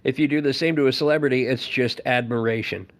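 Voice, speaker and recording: A man's voice: mid-range voice, steady tone, quick pace. A man hosting a podcast, chatting casually and riffing sarcastically. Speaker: podcast host. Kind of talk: casual chat.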